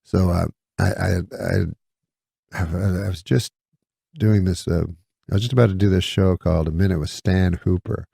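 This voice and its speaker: A man with a very gravelly, fry-heavy voice tells a rambling anecdote, deadpan and halting, with small chuckles and restarts. His pitch sits fairly low, and the sound is close and dry. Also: no room sound. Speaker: comedian guest.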